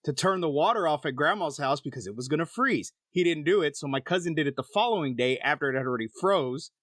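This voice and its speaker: Wry, deadpan middle-aged man. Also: a little high, fast talker, dry recording, clean studio sound. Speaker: podcast co-host. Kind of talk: casual chat.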